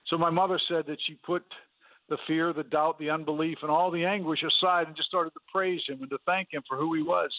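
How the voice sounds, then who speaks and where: A man's voice: on the high side, steady tone, brisk, no room sound. A man earnestly telling his personal testimony as a guest in a radio interview, with fillers and restarts. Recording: dry, phone-like radio line.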